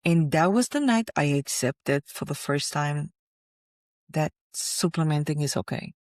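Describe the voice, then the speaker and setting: A woman's voice: sits low, animated, measured pace, darkish tone, no echo, clean studio sound. A woman, a mother, candidly retelling a personal struggle with many restarts. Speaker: vlogger, mother. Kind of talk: personal storytelling to camera.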